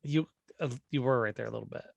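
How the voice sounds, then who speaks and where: A man co-hosting a comedy podcast in casual banter, often halting and restarting his sentences. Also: mid-range voice, creaky, a little mellow, dull audio. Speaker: podcast co-host. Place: home, livestream.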